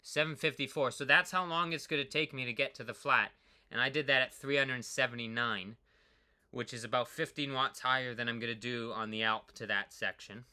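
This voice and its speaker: A man casually rambling through his own workout data, excitable and full of "like", swinging between hype and low mutters. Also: fairly quick, clean tone. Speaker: cyclist streamer reviewing his workout.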